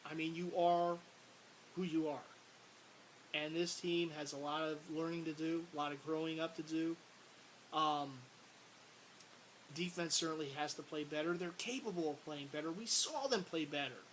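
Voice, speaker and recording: Casting note: rambling, exasperated male fan vlogger, a touch high, faint hiss behind. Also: normal speed, poor audio. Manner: frustrated, rambling, repeats words, bursts of exasperated shouting. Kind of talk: casual sports rant to camera.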